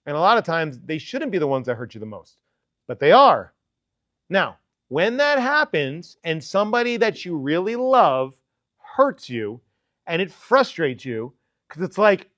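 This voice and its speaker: High-voiced casual youth preacher. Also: male voice, very animated, unhurried, a bit bright, dry recording. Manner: casual, joking, conversational preaching. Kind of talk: sermon.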